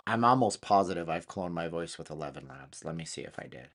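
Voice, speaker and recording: Excitable slangy man hosting a studio chat. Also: low-pitched, fast. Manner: excitable, slangy, thinking aloud. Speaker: channel host. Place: home studio.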